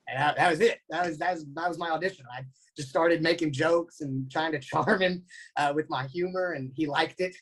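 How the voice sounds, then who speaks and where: Animated young man telling stories. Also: a little high, brisk, low-quality recording. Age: 20s. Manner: animated, anecdotal. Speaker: guest speaker, actor. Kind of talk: storytelling talk. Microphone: video call.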